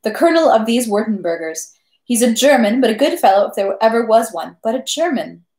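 A woman's voice: a little high, big pitch swings, brisk, darkish tone, roomy sound. A woman reading aloud and voicing a merry, boastful male French army captain who talks in an effusive, insistent way.

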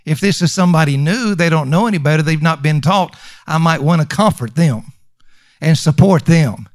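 A pastor preaches a sermon in an emphatic yet conversational way, repeating lines for stress and using fillers and restarts. His voice is on the high side and moderately paced, with no echo.

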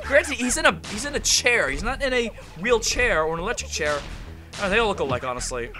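A man giving casual, rambling commentary while playing a game, excitable and swearing freely. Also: sits high, a little fast. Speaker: gameplay commentator. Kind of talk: casual let's-play commentary. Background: game music.

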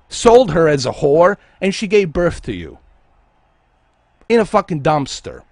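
A man's voice: a little high, sing-song, unhurried, vocal fry, long pauses, dry recording. A man from Bosnia, a game streamer delivering an aggressive, profane, taunting livestream rant at his viewers.

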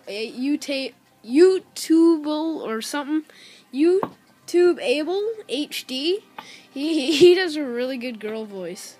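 A woman's voice: sits high, darkish tone. A woman chatting casually in an online game lobby, giggly and easily impressed.

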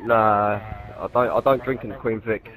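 Cheeky teen gamer. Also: male voice, lowish voice, steady tone, moderate pace, fairly bright tone, poor audio. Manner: cheeky, teasing, talks over gameplay. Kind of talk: casual gaming chat.

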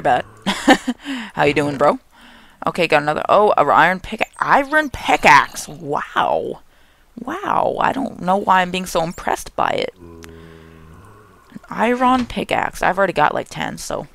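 A young man narrates his gameplay in an excitable, joking way, chatting to the monsters on screen as he goes. His voice has a gravelly, fry-heavy edge, and his pitch swings widely up and down. The delivery is loose, playful let's play commentary. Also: slight background noise. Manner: excitable, jokey, talks to game monsters. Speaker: gaming channel host.

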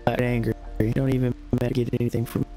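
A man's voice: mid-range voice, flat delivery, brisk, dark tone, faint music behind. A young man streaming a game, muttering to himself as he checks items and fixes his stream. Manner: muttering to himself while browsing. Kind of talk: casual live-stream commentary.

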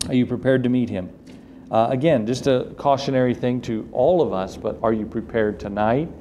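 Earnest preacher man, mellow voice. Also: medium pitch, normal speed, a little hiss or hum. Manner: earnest preaching, rising to emphatic questions. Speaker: pastor. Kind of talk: sermon. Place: church sanctuary.

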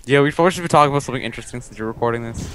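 A man's voice: medium pitch, racing, a bit bright, low-quality recording. A young man with a mid-range voice, bantering through a game session with a friend. He teases and jokes in an easy, casual way. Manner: teasing, playful banter. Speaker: gaming partner. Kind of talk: casual gaming commentary.

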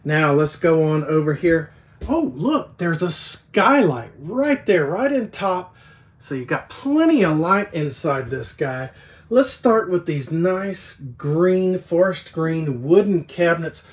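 A man's voice: fairly high pitch, slow pace. A man giving an enthusiastic walkthrough tour of a travel trailer as a salesman, eagerly pointing out each feature. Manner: excited, keeps pointing things out "right there".

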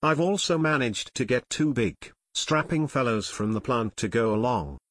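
A man's voice: medium pitch, expressive, normal speed, fairly bright tone, dry recording, studio quality. A man reading aloud voicing a decisive, businesslike company president in an audiobook.

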